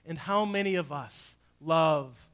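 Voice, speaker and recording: A man preaching a sermon as pastor, telling a family story and swinging between hushed, low lines and loud, urgent ones. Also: takes it slowly, clean tone.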